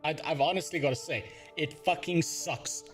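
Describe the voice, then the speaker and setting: A man's voice: on the high side, normal speed, faint music behind. A man from Africa, livestreaming and ranting in casual, profane, exasperated talk. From South Africa.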